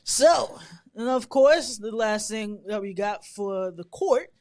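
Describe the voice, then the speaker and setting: A man's voice: high voice, lively intonation, slow pace, a little mellow. A man with a Bermudian accent co-hosting a podcast in laid-back, casual chat, swearing freely. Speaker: podcast co-host.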